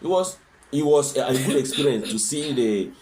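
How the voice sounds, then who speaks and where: Man in an interview, earnest, keeps asking rhetorical questions, medium pitch. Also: animated, moderate pace, darkish tone. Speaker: husband sharing his experience as a guest. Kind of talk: conversational interview answers.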